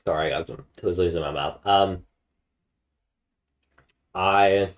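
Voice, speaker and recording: Relaxed young male streamer with a low voice, chatting loosely with viewers. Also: takes it slowly, muffled recording. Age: young adult. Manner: laid-back, many fillers. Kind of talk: casual chat with viewers.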